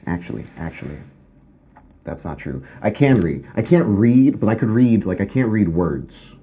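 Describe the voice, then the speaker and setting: Deep, dark-toned male comic for a rambling sketch monologue, stop-start with loud outbursts. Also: lively intonation, moderate pace. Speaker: comedian in a sketch. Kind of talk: deadpan sketch comedy monologue.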